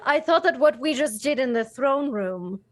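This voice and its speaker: A woman's voice: high-pitched, lively intonation, moderate pace, noisy background. A woman playing a tabletop game, talking hesitantly with trailing starts. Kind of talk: casual tabletop game chat.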